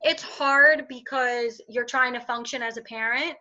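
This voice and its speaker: A woman in her twenties talks candidly as a podcast guest, full of fillers and quick restarts. Her voice sits high and sounds bright and forceful. The recording is dull and lo-fi. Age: 20s. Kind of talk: casual interview conversation.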